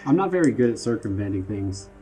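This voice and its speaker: A man's voice: lowish voice, big pitch swings, fast talker, warm tone, soft background music. A man playing a tabletop game, making dry joking remarks. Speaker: player. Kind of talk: casual tabletop play.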